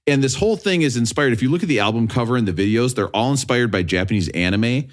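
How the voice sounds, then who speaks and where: A man's voice: mid-range voice, fast talker. A man hosting a podcast, chatting casually and joking with friends. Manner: animated, laughs while joking. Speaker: podcast host.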